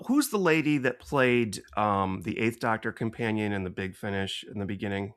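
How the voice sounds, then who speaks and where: A middle-aged man co-hosting a podcast, telling stories in an animated way and laughing often. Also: fairly low pitch, moderate pace. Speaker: podcast co-host. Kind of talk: casual podcast chat.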